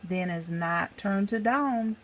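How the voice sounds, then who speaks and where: A woman reads a rhyming picture book aloud, taking her time over each line. Her pitch sits in the middle, and her delivery is rhythmic and sing-song. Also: takes it slowly, low-quality recording. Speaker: storybook reader.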